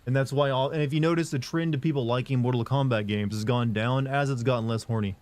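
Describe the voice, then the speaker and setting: A man's voice: mid-range voice, steady tone, fast talker, a little mellow. A young man streaming live, chatting loosely and reading comments aloud, joking around with sore arms. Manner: rambling, jokey, reads chat aloud. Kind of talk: casual live-stream chat.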